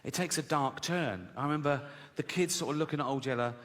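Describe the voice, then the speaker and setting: A man's voice: a little high, fast talker. A man doing stand-up comedy, telling chatty stories and chuckling at his own jokes. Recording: long hall reverb, faint noise.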